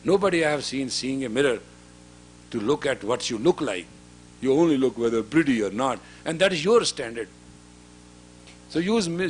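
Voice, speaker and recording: A man in his fifties, a spiritual teacher, lectures a women's class in a mid-range, animated voice at normal speed, pausing often. He speaks directly and scolds, frequently turning questions back on his listeners. A little hiss or hum sits under the recording.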